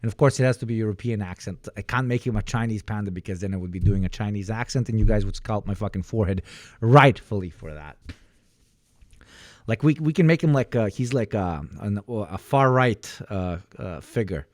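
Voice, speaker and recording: A man's voice: lowish voice, animated, brisk, no room sound, clean studio sound. A young man streaming reactions, rambling and joking, swearing freely as he tries out silly accents.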